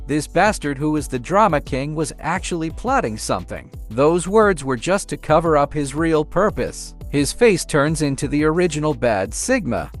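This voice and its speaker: A man narrating a comic recap with a plain, even read-aloud delivery. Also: on the high side. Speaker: story narrator. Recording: faint background music.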